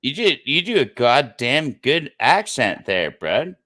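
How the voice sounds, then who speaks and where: A man's voice: medium pitch, sing-song, measured pace, pushed and bright. A man in casual podcast chat who teases, laughs easily and swears bluntly.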